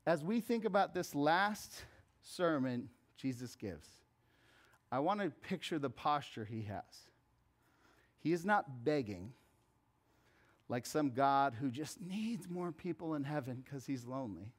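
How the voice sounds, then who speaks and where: High-voiced pastor preaching with force. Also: male voice, animated, unhurried. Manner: swings from hushed and intimate to loud emphatic calls. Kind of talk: sermon.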